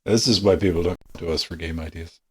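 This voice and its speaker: A man's voice: low voice, steady tone, fast, darkish tone, husky. A man hosting a podcast in casual, profane, wisecracking chat on a studio microphone. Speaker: podcast host.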